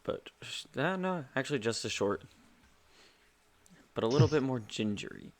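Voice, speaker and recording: A man's voice: medium pitch, lively intonation, moderate pace. A man co-hosting a podcast in casual chat, teasing his friend and laughing often. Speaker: podcast co-host.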